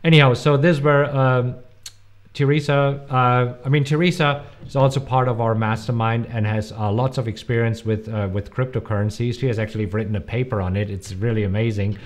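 Man, German accent, live-stream host, mid-pitched voice, emphatic, lots of fillers. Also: brisk. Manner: animated, emphatic warnings, many fillers.

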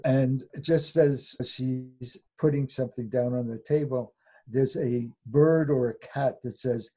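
A man's voice: mid-range voice, dark tone, breathy edge. An older man, a scholar guest in an interview, retelling old folk tales with frequent chuckles and small voiced-out lines. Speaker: fairy tale scholar guest. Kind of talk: animated storytelling in interview.

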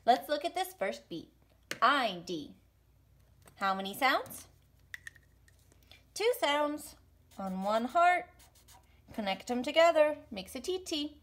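A woman teaching a music lesson to young children online, speaking slowly and encouragingly with sing-song rhythm drills. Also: fairly high pitch, lively intonation, fairly bright tone, slight background noise. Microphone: home recording for an online class.

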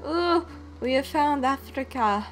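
Slow-talking playful young woman. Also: high voice, lively intonation, over loud music. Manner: playful, sings and hums to herself. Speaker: gaming channel host. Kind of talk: casual gameplay commentary.

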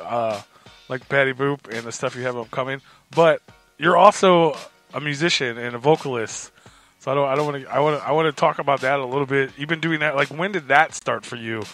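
A man's voice: medium pitch, fairly quick, fairly bright tone, soft background music. A man hosting a radio interview, reacting to his guest and asking loose, rambling questions. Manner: reactive, rambling, many restarts. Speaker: radio show host. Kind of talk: casual interview chat.

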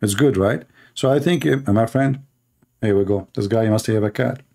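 Sarcastic guy hosting a live stream, gravelly voice, mocks everyone, broken english. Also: on the low side, moderate pace, mellow. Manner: sarcastic, mocking, non-native English grammar. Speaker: debate stream host. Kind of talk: mocking live-stream commentary.

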